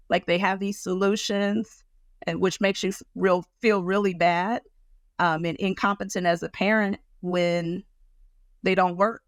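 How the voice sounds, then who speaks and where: A woman counselor speaking in a conversational interview, animated and acting out other people's reactions as she explains. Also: medium pitch, measured pace, no room sound. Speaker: guest counselor.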